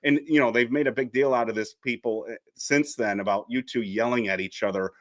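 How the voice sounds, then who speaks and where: A man's voice: medium pitch, a little fast, no room sound. Male co-host rambling on, mid voice, dry close sound. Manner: rambling, restarts. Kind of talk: casual chat.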